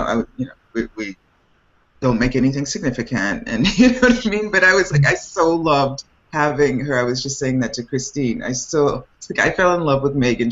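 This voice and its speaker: A woman hosting a casual group video chat, animated and laughing often, with many restarts. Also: very deep voice, dull audio. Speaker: host. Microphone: video call.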